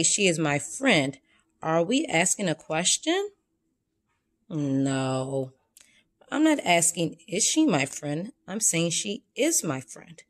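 Woman teaching kids, bouncy voice that goes up and down a lot, acts out examples. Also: lowish voice. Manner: expressive, acts out example sentences. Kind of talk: children's lesson.

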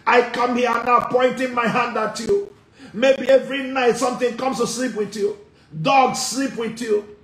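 A pastor shouting commands and repeated declarations in a deliverance prayer, breaking into bursts of tongues. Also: male voice, very high voice, fairly even intonation, unhurried, echoey room. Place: church.

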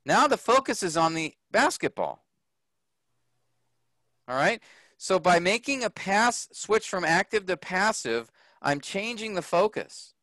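A man teaching a grammar lesson to a group, slow and patient, often checking that the class follows. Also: sits high, very animated, pushed and bright, dry recording. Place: workshop room.

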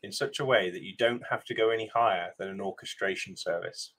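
A man's voice: on the low side, brisk, fairly bright tone. A man with a British accent on a coding call, asking wry questions and explaining technical ideas at length. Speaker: co-host developer. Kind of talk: casual technical chat.

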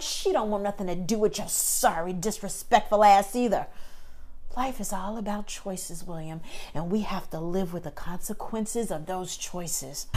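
A woman delivers a fierce theatrical monologue, scolding and threatening. Her pitch swings widely from low growls to sharp high jabs. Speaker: actress performing a monologue.

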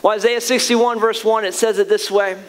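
High-voiced man preaching emphatically. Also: steady tone, brisk. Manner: earnest, emphatic preaching with repeated restarts. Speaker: pastor. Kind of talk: sermon.

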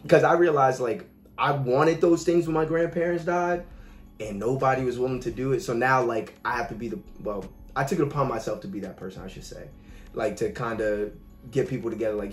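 Relaxed podcast host man, echoey room. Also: medium pitch, a little fast, faint music behind. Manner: relaxed, reflective, swears casually. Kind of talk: casual chat.

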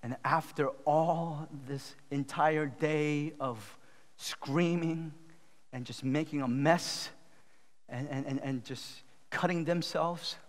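Slow-speaking pastor in an echoing hall. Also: male voice. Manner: swings from loud emphatic retelling to low, slow, quiet appeals. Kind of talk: sermon retelling a Bible story. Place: church sanctuary. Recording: long hall reverb.

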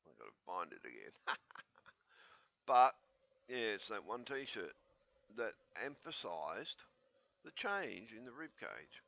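Gravelly toothless man rambling excitedly. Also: fairly low pitch, slow, pauses often, no echo. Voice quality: speaking without teeth, slightly slurred. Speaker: vlogger. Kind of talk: rambling casual commentary. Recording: dull lo-fi home recording.

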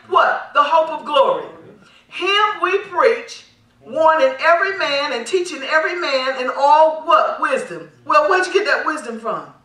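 A woman's voice: sits high, pushed and bright. A woman pastor preaching a sermon, calling for responses from the congregation and laughing between points. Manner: emphatic call-and-response preaching. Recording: echoey hall, mic at a distance.

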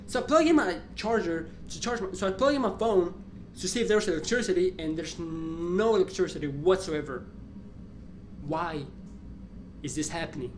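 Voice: mid-range voice, normal speed, a little mellow, a little hiss or hum. Young adult vlogger, exasperated rambling story, lots of swearing, echoey room, faint ambience. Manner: profane, rambling, exasperated retelling with frequent restarts. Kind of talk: casual storytelling to camera. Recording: roomy echo, faint background ambience.

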